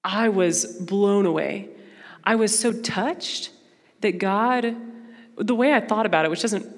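A young woman giving a personal testimony talk to a Christian audience in an earnest, conversational, expressive way. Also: medium pitch, slow pace. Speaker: Christian speaker. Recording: long hall reverb.

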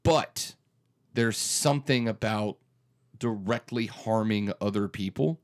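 Earnest low-voiced man talking it through. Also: slow. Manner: earnest, emphatic, with frequent restarts. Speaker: radio morning show host. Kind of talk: conversational interview.

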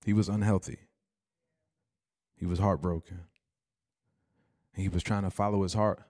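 A man preaching a sermon, telling a story and dropping to quiet emphasis. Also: sits low, flat delivery, a little slow.

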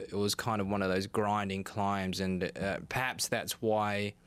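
A man's voice: on the low side, fairly bright tone. A man giving cycling analysis on a podcast panel, hesitant and thinking aloud. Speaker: cycling pundit. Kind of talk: casual panel chat.

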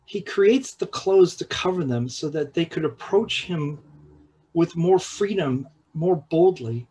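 A man preaching a sermon in a halting way, with repeated words and restarts, at times dropping to a hushed, slow voice for emphasis. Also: fairly high pitch, animated, breathy edge, poor audio. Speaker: pastor.

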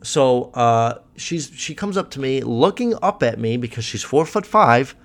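A young man hosting a podcast, telling stories in a sarcastic, profane and animated way. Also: mid-range voice, measured pace. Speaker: podcast host. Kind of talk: casual storytelling podcast.

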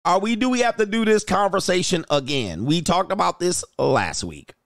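A man's voice: sits high, expressive, normal speed, no room sound, studio quality. A man, hosting a casual livestream about dating, joking, laughing often and swearing freely. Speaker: dating coach streamer.

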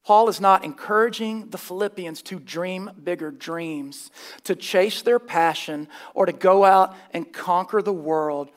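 High-voiced man preaching a sermon. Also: a little slow. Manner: emphatic, scornful of false teaching, dry humor.

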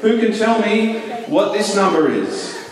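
A man's voice: sits high, measured pace, heavy background noise. Man telling children a story in an echoey hall. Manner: lively, questioning storyteller to children. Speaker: children's talk leader at church. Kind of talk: children's Easter talk. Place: large church hall. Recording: echoey hall, mic at a distance.

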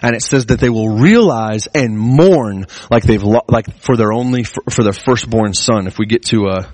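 A man preaching a sermon in an earnest way, his pitch climbing as he presses his points. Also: normal speed, darkish tone, dry recording. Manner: earnest, rising pitch when stressing a point. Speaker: pastor.

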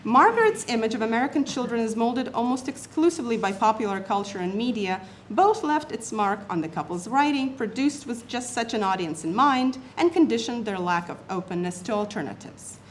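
A woman's voice: a little high, animated, a little fast, hardly any pauses, slight background noise. A woman presenting an academic paper, reading it aloud and setting off quotations with emphasis and asides.

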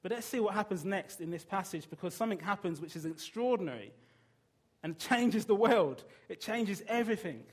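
A preacher with a notably high-pitched male voice delivers his sermon. He speaks earnestly and with emphasis, turning often to rhetorical questions for his listeners. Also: animated, quick pace, few pauses, husky.

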